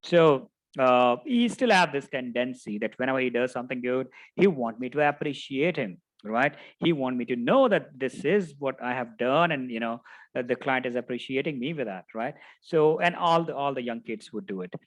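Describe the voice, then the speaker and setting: A man's voice: medium pitch, animated, moderate pace, dry recording, low-quality recording. A middle-aged man, a project management instructor, teaching through a story and often tagging his sentences with "right?". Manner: anecdotal, tags sentences with "right?". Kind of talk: storytelling lecture.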